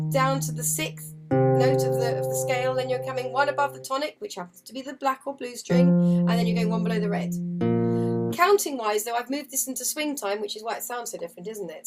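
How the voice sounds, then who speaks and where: High-voiced woman teaching harp. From United Kingdom. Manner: encouraging, counts rhythms aloud and sings notes. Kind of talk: online group music lesson. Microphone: video call setup. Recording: loud harp playing behind the voice.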